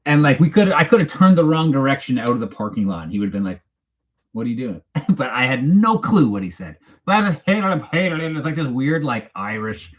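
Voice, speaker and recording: A man's voice: medium pitch, sing-song, fairly quick. A man hosting a casual live stream, telling a rambling story full of "like"s and greeting viewers from chat. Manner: rambling anecdotal storytelling with filler "like"s; laughs while telling a story.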